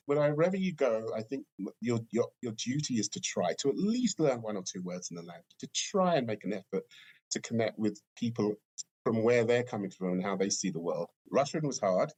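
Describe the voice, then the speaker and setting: Animated, husky British man. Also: a little fast. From Britain. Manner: animated storyteller, laughs often, acts out quotes in a high voice. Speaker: entrepreneur guest. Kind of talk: casual interview chat.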